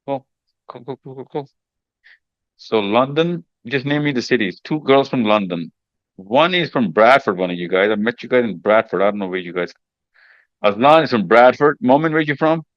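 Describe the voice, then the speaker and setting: A man's voice: mid-range voice, lively intonation, moderate pace, no room sound. Teasing, reassuring man on a dry, dull call. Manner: teasing, reassuring, repeats himself. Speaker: mentor hosting a session with teenagers. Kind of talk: casual group chat.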